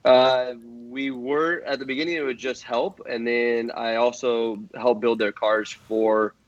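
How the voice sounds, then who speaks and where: A man's voice: medium pitch, flat delivery, unhurried, muffled recording. A man guesting on a podcast, talking earnestly and at length, with lots of fillers and restarts. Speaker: guest drift driver. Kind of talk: casual podcast chat.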